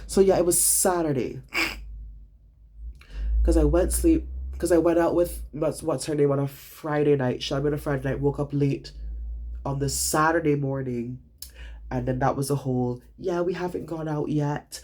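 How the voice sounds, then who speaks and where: A young man, a student, retelling his day in a casual vlog, animated and dramatic, swearing freely. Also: a little high, normal speed, long pauses.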